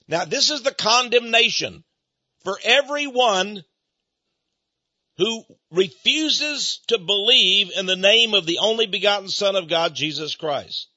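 Male preacher, high husky voice, dry sound, emphatic slow stresses, dull lo-fi recording. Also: lively intonation, pushed and bright, no echo. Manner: emphatic, drawn-out stresses, acts out quotes. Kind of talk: sermon.

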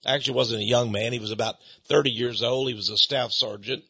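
A man preaching a sermon, emphatic and deliberate with drawn-out stresses, on a dull lo-fi recording. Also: mid-range voice, fairly even intonation, gravelly, pushed and bright, husky, no room sound. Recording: dull lo-fi sound.

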